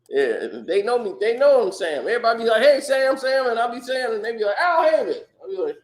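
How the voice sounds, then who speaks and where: A man's voice: high voice, lively intonation, quick pace. A man in casual podcast chat, telling stories animatedly, acting out quotes and laughing often. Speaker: podcast guest.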